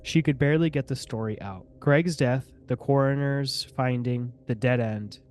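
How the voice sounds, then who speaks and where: A man's voice: medium pitch, normal speed, a little mellow, faint music behind. Young male podcast co-host, casual chat, reads aloud and mocks the text. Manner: reads the article aloud, then breaks off to mock it, laughing.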